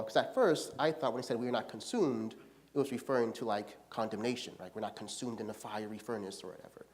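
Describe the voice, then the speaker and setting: Man as a Bible study leader, relaxed teaching tone, keeps asking the group "right?". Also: medium pitch. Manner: casual, often checks in with "right?".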